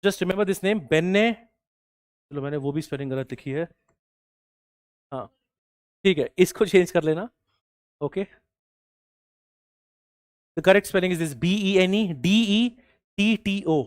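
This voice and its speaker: A man's voice: high-pitched, dry recording. Indian man dictating lecture notes. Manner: repeats phrases slowly for dictation, mixes English and Hindi. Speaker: teacher.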